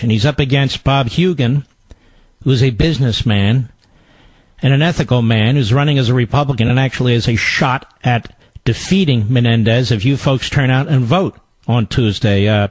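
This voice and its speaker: A man's voice: mid-range voice, a little mellow, no room sound. Combative male radio host, dry studio sound. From Philadelphia. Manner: combative, emphatic. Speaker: radio talk show host. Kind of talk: radio talk interview.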